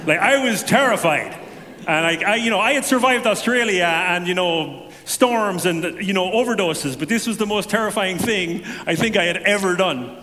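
Guy sharing his testimony, lively and joking at his own expense, big echoey hall. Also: high voice, moderate pace. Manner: animated storytelling with self-deprecating humor. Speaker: speaker giving a personal testimony. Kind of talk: conversational testimony to a congregation.

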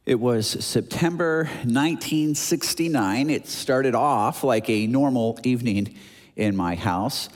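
A man in his sixties from Chicago, preaching a sermon as an animated storyteller who acts out noises and voices. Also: medium pitch, slow pace. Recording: long hall reverb.

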